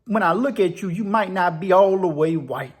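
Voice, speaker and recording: A man's voice: sits high, moderate pace, husky. A man voicing a teasing old male convict who drawls and keeps calling his friend "man".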